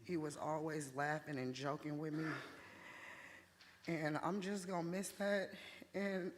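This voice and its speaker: A woman's voice: deep voice, steady tone, unhurried, slight background noise. A woman giving a short, simple, earnest tribute at a funeral in a funeral home chapel. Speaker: family member giving a tribute. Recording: long hall reverb.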